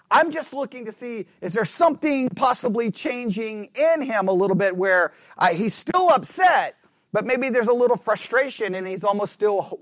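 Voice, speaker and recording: High-voiced man teaching a Bible study. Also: dry recording. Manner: thinks aloud, repeats and restarts words, asks the group questions.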